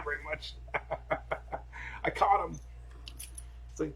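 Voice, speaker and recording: A man's voice: a little high, steady tone, very slow, creaky, sharp tone, slightly rough. A man hosting a casual weather live stream from home on his phone camera, rambling and chatty as he talks to viewers and his dogs.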